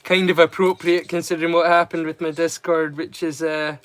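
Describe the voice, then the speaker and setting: A man's voice: fairly high pitch, little pitch movement, moderate pace, smooth. A man from Europe, hosting a live watch-along stream and rambling casually to his viewers. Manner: rambling and chatty.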